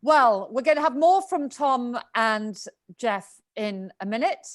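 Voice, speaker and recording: A woman's voice: fairly high pitch, expressive, slow. A British woman hosting an online event, chatty and loose, over a video call. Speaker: event host.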